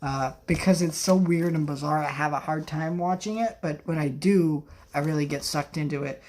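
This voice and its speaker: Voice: mid-range voice, normal speed, a little mellow. A young adult movie vlogger chatting casually and rambling at home, talking while going through a disc collection. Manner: rambling, talks while handling discs. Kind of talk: casual vlog chat. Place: home, indoors.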